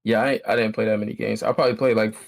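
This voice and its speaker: A man's voice: lowish voice, flat delivery, racing, vocal fry. A man guesting on an esports podcast, in laid-back casual chat.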